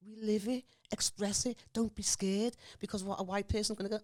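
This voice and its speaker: A woman in her forties from Liverpool talks with a strong Scouse accent, rattling along quickly. She is emphatic and forthright in this interview. She keeps pulling the listener in with "you understand me?". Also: medium pitch, darkish tone. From Liverpool, England. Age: 40s. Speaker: interview guest. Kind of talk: impassioned interview talk.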